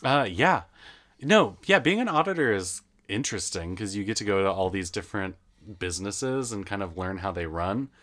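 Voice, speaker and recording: A man chatting casually, telling stories from his old jobs in a lively way, swearing now and then. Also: lowish voice, moderate pace. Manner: animated storytelling, swears, acts out customers. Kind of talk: casual chat.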